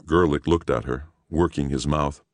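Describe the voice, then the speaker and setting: A man narrating an audiobook in a measured storytelling manner. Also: extremely low pitch, steady tone, no echo. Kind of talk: scripted narration.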